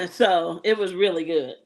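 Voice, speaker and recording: A woman's voice: lowish voice, slow. A woman hosting a live jewelry sale show, chatting casually and giggling as she talks to her viewers. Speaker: live shopping show host selling jewelry. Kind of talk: casual live-stream sales chat.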